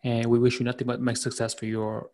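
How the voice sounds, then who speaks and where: A man's voice: mid-range voice, monotone, fast, darkish tone. A man hosting a podcast interview, upbeat and effusive, laughing often as he wraps up. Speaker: podcast host. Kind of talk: casual interview chat.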